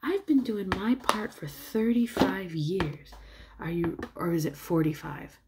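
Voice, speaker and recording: Woman voicing a fussy old male referee, high quavery pitch, sing-song delivery. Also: unhurried, heavy background noise, close to an everyday voice.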